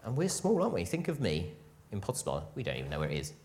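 Male preacher, lower voice, very lively swings between loud emphasis and quiet asides. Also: fast talker. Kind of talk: sermon.

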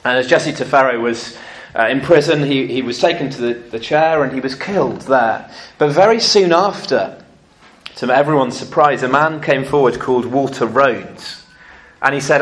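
Man preaching a lively sermon. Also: medium pitch, normal speed. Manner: lively storytelling, acting out quotes.

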